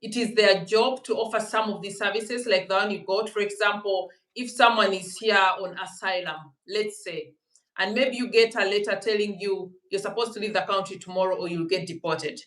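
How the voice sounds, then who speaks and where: A woman's voice: mid-range voice, normal speed, fairly bright tone, roomy sound, far from the mic, low-quality recording. A woman hosting a conversational interview, explaining at length and dropping in German words. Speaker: podcast host.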